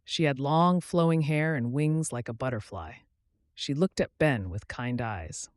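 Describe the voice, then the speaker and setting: A man hosting his channel, narrating a children's story clearly and expressively for English learners. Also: mid-range voice, unhurried, no room sound, studio quality.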